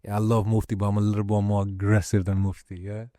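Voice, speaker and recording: A man vlogging in a heated personal monologue, ranting forcefully and swearing a lot. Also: fairly low pitch, little pitch movement, fast talker, no room sound, studio quality.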